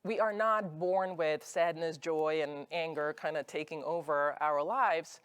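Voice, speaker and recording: A woman's voice: low-pitched, fairly even intonation, measured pace, smooth. A woman speaking on stage at an industry event, giving a conversational motivational talk and acting out her own thoughts as examples. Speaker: conference speaker.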